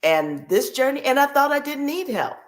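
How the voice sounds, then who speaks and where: A woman's voice: high voice, sing-song, normal speed. A woman guest on a podcast, telling a personal caregiving story in a heartfelt way and repeating key phrases for emphasis.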